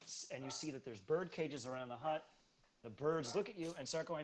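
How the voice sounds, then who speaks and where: A man's voice: fairly high pitch, brisk, background noise. A man narrating a tabletop game as game master, casual and laid-back.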